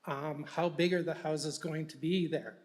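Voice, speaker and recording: Man, council meeting resident, wry, questioning, slightly high voice. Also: fairly even intonation, a little slow, darkish tone. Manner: joking, questioning. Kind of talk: public comment. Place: council chamber.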